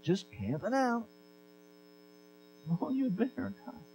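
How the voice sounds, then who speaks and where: A man's voice: big pitch swings, normal speed, darkish tone, slight background noise, full character voice, low-quality recording. A man voicing an exasperated grieving woman who nags and scolds a friend for arriving late. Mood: angry, accusing. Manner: shrill, nagging rant.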